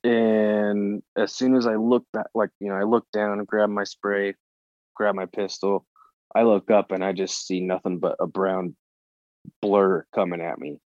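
A man on a podcast as the guest, telling a story in casual talk, animated and swearing freely as he acts out his own reactions. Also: lowish voice, measured pace, dry recording, highs cut off.

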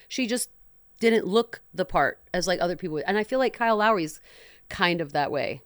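A woman co-hosting a casual sports talk show, animated and joking, often laughing. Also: mid-range voice, brisk, no room sound, studio quality. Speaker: podcast co-host.

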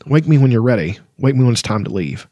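A man reading as a gruff dying old dwarf. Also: mid-range voice, sing-song, fast, dark tone, no echo. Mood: tender farewell. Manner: gruff, tender.

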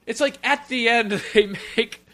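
Bright, animated man chatting casually. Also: very high-pitched. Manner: animated, sarcastic, quick with jokes. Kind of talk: casual film-review chat.

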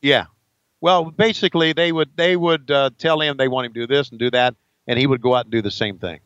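A podcast co-host riffing on old wrestling in a jokey, playful way. His voice is bright and a bit high for a man. The recording is dry and slightly muffled. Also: fairly even intonation, brisk, clear, resonant tone, dry recording. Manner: jokey, mimics wrestler promos. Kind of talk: comic wrestling commentary.

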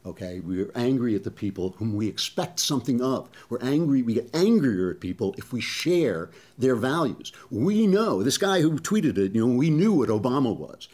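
A male commentator with a mid-range voice whose pitch swings widely as he talks. He is animated and conversational, with a sarcastic edge. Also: moderate pace, few pauses. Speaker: talk show host. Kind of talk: political commentary monologue.

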